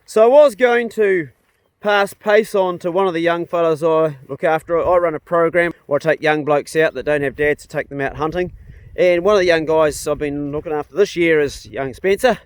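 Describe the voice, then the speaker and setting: A man's voice: fairly high pitch, brisk, clear, resonant tone, no echo. A middle-aged man from New Zealand chatting casually outdoors on his farm, folksy and rambling, talking to his dogs. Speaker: vlogger and hunter. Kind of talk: casual outdoor vlog chat.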